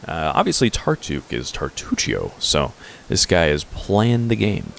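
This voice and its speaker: A man's voice: on the low side, huge pitch swings, moderate pace, vocal fry, slight background noise. A man in his twenties doing casual let's-play commentary, reading dialogue aloud with hesitant fillers. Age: 20s. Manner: hesitant with fillers, chuckling asides.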